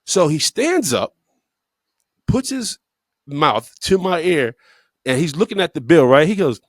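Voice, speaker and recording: A man co-hosts a casual talk show, telling a story in a blunt, profane way. His pitch rises and falls a great deal as he leans on repeated words. The sound is dry, with no room echo. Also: very animated, measured pace. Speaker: podcast co-host.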